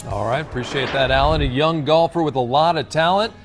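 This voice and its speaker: A man's voice: fairly high pitch, brisk, soft background music. A man anchoring a morning TV newscast, reading stories and bantering easily with his co-anchor. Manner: easygoing banter between stories. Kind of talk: TV news anchoring.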